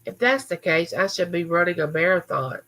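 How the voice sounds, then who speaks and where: A woman hosts a casual live chat from her home recording room, reading viewer comments aloud and answering people by name. Her lowish, slightly bright voice is animated and fairly quick, though the audio is poor.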